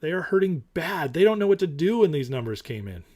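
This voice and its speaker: A man hosting a casual stock market talk show, animated and opinionated, who repeats his points for emphasis. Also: brisk. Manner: mocks others in high put-on voices.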